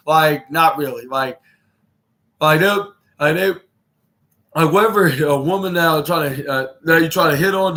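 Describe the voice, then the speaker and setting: A man's voice: fairly high pitch, fairly bright tone. A man hosting a podcast, recapping a wrestling show in a rambling, casual way with lots of fillers and restarts. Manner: rambling, many fillers and restarts, acts out quotes. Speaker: podcast host.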